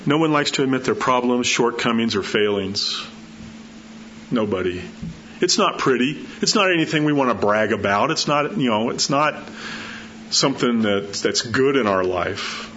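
A middle-aged man preaching in a loose, conversational sermon, his voice leaping up in pitch when he presses a point. The recording sounds slightly dull and muffled, with a faint hiss of noise underneath. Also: normal speed. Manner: conversational, animated, acts out quotes with rising pitch. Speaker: pastor.

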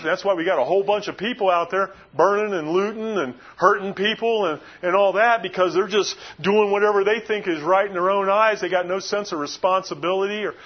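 A male pastor delivering a sermon with emphatic, rising and falling preaching. His voice sits a little high and sounds husky. The recording is dull and lo-fi. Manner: emphatic preaching, swings between raised and hushed delivery.

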